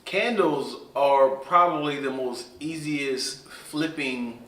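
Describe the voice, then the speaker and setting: A man co-hosting a casual podcast, bantering with playful deadpan questions. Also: mid-range voice, takes it slowly, recorded from a distance, slight background noise. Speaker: podcast co-host. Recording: roomy echo, off-mic.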